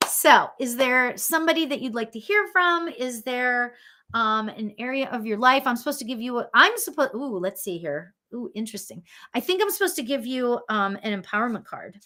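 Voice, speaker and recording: A talkative woman medium runs a live broadcast, addressing her audience in a somewhat high, bright and forceful voice that's expressive at a moderate speed. Casual and loose, she laughs often and stumbles through fillers and restarts as she goes over comments and offers readings.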